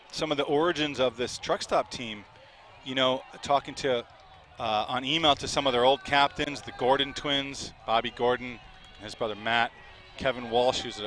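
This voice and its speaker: A male play-by-play commentator calling a live game with a bright, forward voice at an ordinary mid pitch. He talks quickly and chattily, laughing easily between plays, with the broadcast recorded outdoors.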